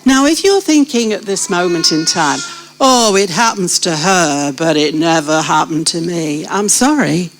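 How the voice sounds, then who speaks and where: Slow-spoken British woman giving a testimony. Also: on the low side, animated, faint music behind, low-quality recording. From Britain. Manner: vivid storyteller who addresses the listeners directly with questions. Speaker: guest sharing her testimony. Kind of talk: testimony told to a church congregation. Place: church gathering.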